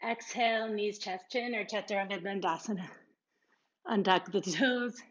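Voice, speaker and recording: A woman teaching a yoga class, cueing poses in short calm phrases, a little out of breath and laughing at herself now and then. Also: medium pitch, moderate pace, dull audio. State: slightly out of breath. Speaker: yoga instructor. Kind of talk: guided yoga class instruction.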